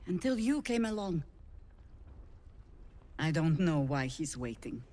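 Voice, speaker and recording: A woman's voice: sits low, sing-song, slow, mellow, heavily acted. A woman voicing a stern veteran leader of a resistance band in a video game, speaking in a grave, commanding manner with a foreign-sounding accent. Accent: foreign-sounding, not named.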